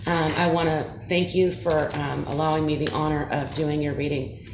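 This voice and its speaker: A woman giving a casual tarot reading to her viewers, speaking gently and soothingly with many fillers and check-ins. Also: low voice, little pitch movement, normal speed. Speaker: tarot reader. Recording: echoey room with faint noise.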